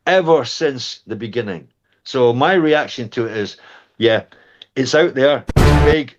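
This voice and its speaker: A man's voice: medium pitch, muffled recording. A man in his sixties, a war veteran guest close to tears, speaking with passion about lost comrades. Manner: impassioned, choked up, dwelling on lost comrades. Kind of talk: emotional interview.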